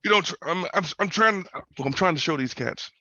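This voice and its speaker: A man hosts a casual trading talk over a video call, speaking loosely with slang, repeating himself, and tacking questions onto his points. His voice is high with lively intonation, a little fast and sharp, with no echo, though the call audio is muffled.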